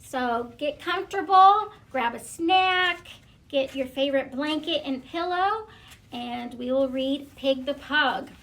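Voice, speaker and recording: School librarian lady reading a picture book to kids, high voice, gentle, lots of ums. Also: slow pace. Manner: gentle, hesitant with frequent fillers.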